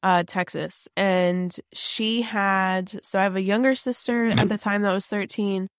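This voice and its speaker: A woman's voice: mid-range voice, fairly even intonation, measured pace, smooth, no room sound, clean studio sound. A woman casually telling a creepy personal story, chatty and full of fillers and restarts.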